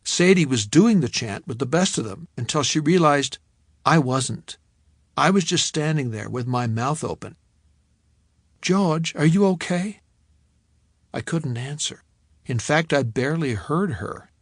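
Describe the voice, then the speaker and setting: A man reading a novel aloud in the first person, telling the story in a measured, reflective way. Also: mid-range voice, animated, slightly rough, dry recording, clean studio sound. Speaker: audiobook narrator. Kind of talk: first-person audiobook narration.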